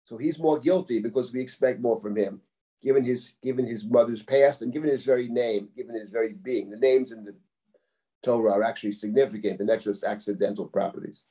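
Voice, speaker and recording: A middle-aged man with a dark, mellow voice teaches a live Bible class as a rabbi. He works through the text verse by verse, quotes Hebrew lines, and repeats words as he thinks aloud. He is picked up from a distance in a classroom. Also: mid-range voice, brisk. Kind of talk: live text-study lecture.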